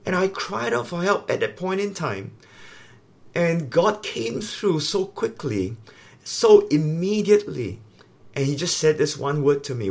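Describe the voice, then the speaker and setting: Man, middle-aged, pastor, video sermon, earnest, repetitive phrasing, slightly high voice. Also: lively intonation, moderate pace, vocal fry. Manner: earnest, repetitive preaching with dramatized prayers.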